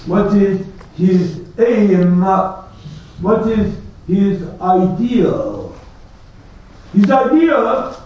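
A high-voiced man preaching a sermon, with very slow, deliberate pacing and a string of rhetorical questions. He sounds distant in a strongly echoing hall. The recording is dull and lo-fi. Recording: echoey hall, distant lo-fi mic.

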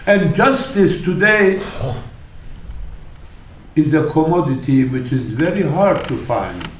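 A man preaching a sermon, telling stories in a measured, deliberate way with emphatic rises. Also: medium pitch, a little hiss or hum. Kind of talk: sermon storytelling. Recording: echoey hall, distant, dull.

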